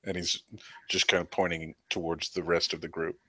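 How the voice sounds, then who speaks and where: Game master, male, deep forceful voice, loose casual narration. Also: little pitch movement, normal speed, husky, no room sound. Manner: loose, hedging narration with "kinda" and "like".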